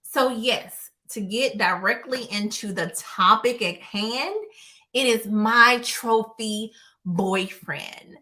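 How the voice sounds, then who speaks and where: A woman vlogger chats straight to her viewers, spinning a personal story with lively energy and acting out the other people in it. Her voice is bright and forward, pitched in an ordinary middle range. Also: slow pace. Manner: animated, acts out quotes. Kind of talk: casual storytelling to camera.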